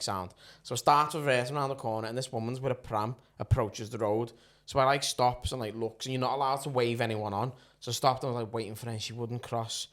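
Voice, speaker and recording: A man's voice: medium pitch, fairly bright tone. A man in casual podcast chat, telling a blunt, sweary story and acting out the dialogue.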